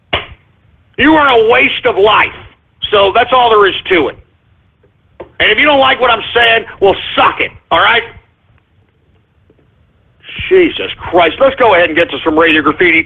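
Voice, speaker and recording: A man with a high, breathy, husky voice hosts an internet radio show and rants at his audience. His delivery is scornful and full of profanity. The sound is thin and boxy, like a phone line. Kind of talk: angry call-in radio rant.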